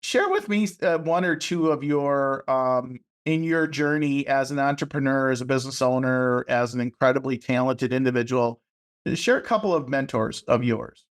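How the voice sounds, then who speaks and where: A man's voice: medium pitch, normal speed. Chatty male podcast host. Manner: affirming, chatty, asks warm open questions. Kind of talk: casual interview conversation.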